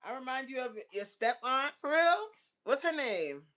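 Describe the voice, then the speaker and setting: A woman's voice: high voice, expressive, normal speed, fairly bright tone. A woman hosting a casual livestream, reading out chat comments and bantering back in a playful, teasing way.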